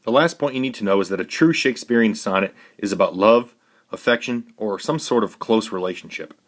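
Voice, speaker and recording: Measured male teacher, lower voice. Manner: clear, measured, instructive. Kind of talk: recorded classroom lesson.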